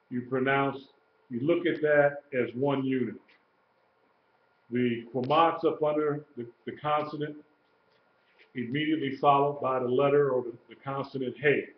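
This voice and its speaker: Slow-talking man teaching, roomy dull sound. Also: mid-range voice. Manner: slow, repeats terms, many fillers and self-corrections. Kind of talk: informal Hebrew lesson. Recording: roomy, dull livestream audio with faint hiss.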